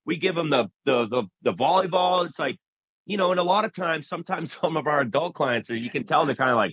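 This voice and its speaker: A barbershop owner with a New England accent, appearing as an interview guest, talks fast in a slightly high, slightly rough voice. He tells stories casually and animatedly, acting out conversations with clients, and the recording is dry and rough.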